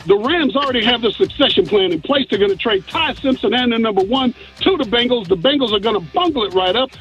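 A man from Western Pennsylvania calls in with a very high voice and a boastful, jokey swagger. The line sounds dull and muffled, like a phone call. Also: expressive, fast talker, fairly bright tone, faint music behind. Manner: boastful, jokey trash talk. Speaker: caller.

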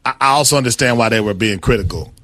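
A man's voice: mid-range voice, fast, a bit bright, no room sound. A man co-hosting a sports talk show, teasing his partner in casual banter. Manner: teasing, laughs often.

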